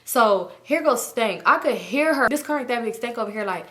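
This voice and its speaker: Woman, storytime vlogger, bright high-ish voice, animated, acts out quotes, fillers, swears a lot. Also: a little fast. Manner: chatty with frequent fillers and swearing. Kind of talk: casual storytime.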